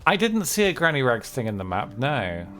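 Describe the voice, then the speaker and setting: A man live-streaming a game, chatting casually in a candid, low-key, downbeat way. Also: big pitch swings, normal speed, fairly bright tone. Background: game music.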